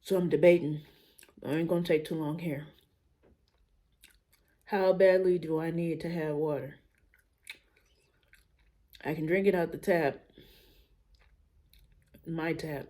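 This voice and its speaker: A young woman vlogging in a relaxed, unhurried way, thinking out loud and speaking frankly in casual slang. Her voice is warm and dark-toned and sits fairly low, and she lets her sentences drift at an easy pace. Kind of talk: casual personal vlog talk.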